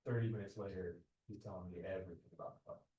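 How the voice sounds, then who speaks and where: A man's voice: low voice, fairly even intonation, rapid-fire, mellow. A man in a class telling a short story in an offhand way, picked up from far off in a roomy space. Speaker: class participant. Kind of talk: casual anecdote. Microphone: far from the mic. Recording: distant, roomy classroom audio.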